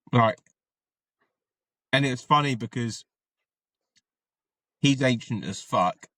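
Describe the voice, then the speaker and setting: A man's voice: on the low side, a bit bright, no echo. A man, an army veteran and podcast guest, telling his story in a rambling, casual way and swearing freely.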